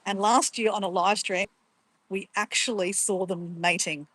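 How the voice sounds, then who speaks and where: A woman's voice: mid-range voice, steady tone, measured pace, a bit bright, dry recording, rough recording. Chatty woman live-streaming. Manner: chatty, rambling, laughs often, reads out viewer comments. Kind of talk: casual live stream chat.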